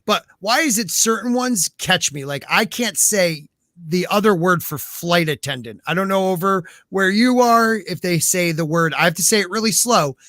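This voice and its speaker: A man's voice: sits high, animated, normal speed, a bit bright, no room sound. A man hosting a podcast in casual chat, joking and self-deprecating as he stumbles over words. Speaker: podcast host.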